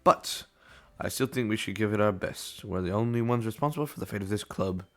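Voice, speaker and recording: A man voicing a poised young woman club president with a put-on British accent, calm and encouraging. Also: lowish voice, fairly quick, faint music behind. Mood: reassuring. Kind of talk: voicing a visual novel.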